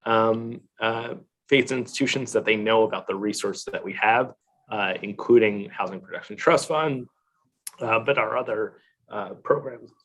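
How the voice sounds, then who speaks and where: Man, official witness on a video call, low voice, halting delivery full of "uh" pauses. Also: fairly bright tone. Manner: halting, many "uh" fillers. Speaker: government official testifying. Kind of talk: answering questions at a hearing.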